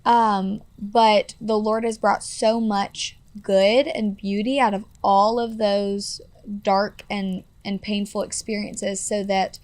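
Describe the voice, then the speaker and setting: A young woman in her twenties recounts her own past in an earnest, rambling way, leaning on "like" and "you know". Her voice sits at an ordinary middle pitch and sounds dry and close, with no room around it. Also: little pitch movement, slow, a little mellow, no echo. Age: 20s. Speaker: guest. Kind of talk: personal storytelling in a podcast interview.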